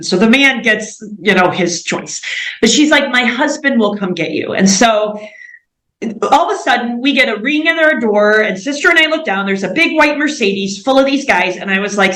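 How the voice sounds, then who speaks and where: A woman guest telling missionary stories in an interview, in an animated way with lots of "like.". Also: on the high side. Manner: animated, fast-paced anecdotes with frequent "like". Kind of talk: storytelling in an interview. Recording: roomy echoey recording.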